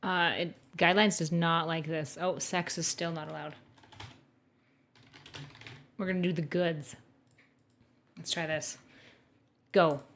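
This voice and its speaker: A woman's voice: sits low, fairly even intonation, slow pace, long pauses, fairly bright tone, a little hiss or hum. A woman streamer giving casual, sarcastic reaction commentary with plenty of swearing. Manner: sarcastic, swearing, mocking impressions. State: dry throat. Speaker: streamer reacting to a podcast clip.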